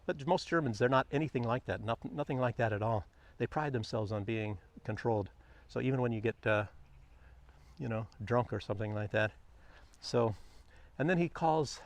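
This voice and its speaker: A man vlogging outdoors on a quiet morning walk, chatting loosely about the news, meandering and often chuckling. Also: mid-range voice. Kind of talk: rambling commentary on the news.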